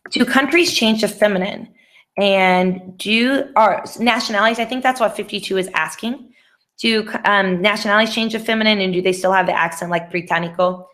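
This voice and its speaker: A woman's voice: mid-range voice, fairly bright tone. A young woman teaching a Spanish class online, talking casually and patiently, thinking aloud with many ums as she answers student questions over a laptop mic. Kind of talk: online class review session.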